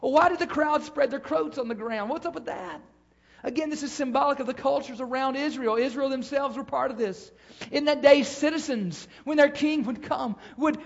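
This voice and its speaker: A man's voice: very high-pitched, muffled recording. A male pastor delivering a sermon, with an emphatic, rising and falling preaching cadence and repeated phrases.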